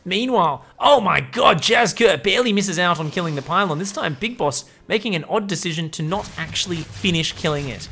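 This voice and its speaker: A man's voice: high-pitched, animated, fairly quick, few pauses, sharp tone, a little hiss or hum. A man giving comedic game commentary, profane, joking and sarcastic.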